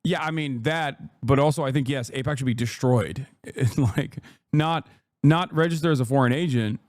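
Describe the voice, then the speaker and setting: A man's voice: medium pitch, normal speed, a little mellow, no echo, studio quality. A man reacting to an interview clip in casual commentary, blunt and profane, mocking the clip and laughing often.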